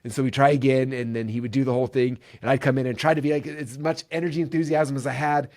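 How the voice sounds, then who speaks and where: A man telling stories as a podcast host, rattling along at a brisk clip. His pitch sits in an ordinary middle range, and he talks with energy and enthusiasm, full of casual fillers. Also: steady tone, darkish tone. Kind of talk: casual storytelling monologue.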